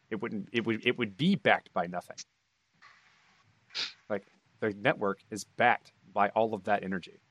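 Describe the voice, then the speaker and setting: A man co-hosting a podcast, explaining things in a calm, steady way. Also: on the low side, no room sound. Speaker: podcast co-host. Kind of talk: casual podcast chat.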